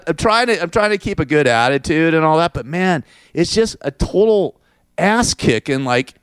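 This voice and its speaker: Smooth-voiced middle-aged man ranting casually. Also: mid-range voice, no echo. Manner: crude, swearing, animated storytelling. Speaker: show host. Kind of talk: rambling casual monologue.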